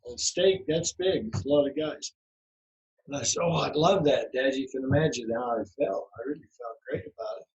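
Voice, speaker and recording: A man's voice: medium pitch, sing-song, normal speed, gravelly, darkish tone, dull audio. A man in his eighties telling a long personal story as a podcast guest, folksy and rambling, with many restarts and fillers. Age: 80s. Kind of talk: storytelling in an interview.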